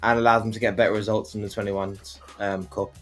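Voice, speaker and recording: A man co-hosting a casual football livestream, giving his opinions in a halting way full of restarts. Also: on the low side, level tone, soft background music.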